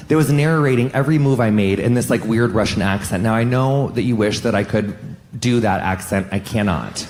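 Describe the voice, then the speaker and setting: Man, stand-up comic on stage, animated, swears a lot, mid pitch, bit of background hiss. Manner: animated, frequent swearing, leaps up in pitch on punchlines. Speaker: stand-up comedian. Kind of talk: stand-up comedy set. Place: stage in front of a live audience.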